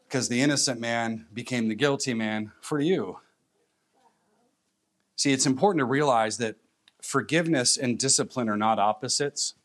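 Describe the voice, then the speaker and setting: A man preaching a sermon as pastor, emphatic, with pauses and repeated phrases. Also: mid-range voice, a bit bright.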